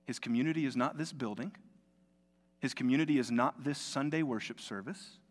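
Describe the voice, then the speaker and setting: A man's voice: mid-range voice, fairly quick. A male pastor preaching a sermon in a church, in a conversational, storytelling way. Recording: long reverb of a large hall.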